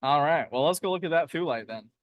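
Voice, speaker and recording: A man's voice: a little high, lively intonation, fast, no echo, muffled recording. A man co-hosting a casual live stream from a lapidary shop, upbeat and chatty as he answers viewers. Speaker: co-host of a live rock-cutting stream.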